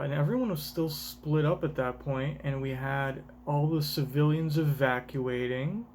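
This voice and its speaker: A man streaming a live manga reaction, rambling, swearing casually and thinking out loud. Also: on the high side, slight background noise.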